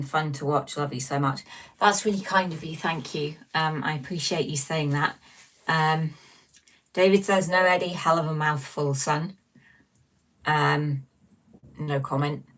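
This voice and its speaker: A chatty woman hosts a relaxed livestream, reading out viewer comments and poking fun at herself as she rambles on. Her voice sits low for a woman. She sounds a little distant from the mic in a small room. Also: unhurried, long pauses. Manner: chatty, rambling and self-mocking. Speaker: livestream host.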